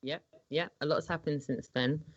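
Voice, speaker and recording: A woman's voice: deep voice, steady tone, normal speed, highs cut off. A woman from England with an English accent, a guest chatting casually and easily in an interview, dropping homely slang. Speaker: guest, street activist.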